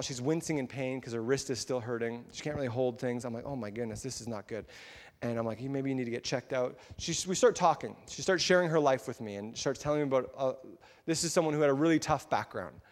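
A man's voice: mid-range voice, long reverb tail. A man, a pastor, telling a story in a casual, chatty sermon to his church. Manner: casual, chatty, with fillers and laughs. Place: church sanctuary.

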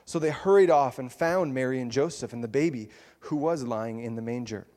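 A man preaching a sermon as pastor, telling the story in a playful, animated way with frequent laughter. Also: mid-range voice, fairly quick. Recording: long hall reverb.

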